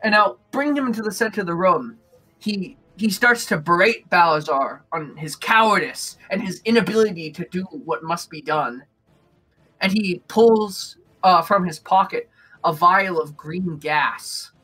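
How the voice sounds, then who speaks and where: Man, game master, tabletop narration, slow pace, bright voice, hesitant. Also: high-pitched, husky, soft background music. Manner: descriptive, hesitant with fillers.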